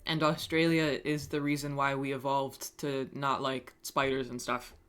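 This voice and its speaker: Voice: medium pitch, little pitch movement, normal speed, a bit bright, clean tone. A streamer chatting casually on a live stream, reading chat messages aloud and answering them with wry, self-mocking humor and frequent swearing.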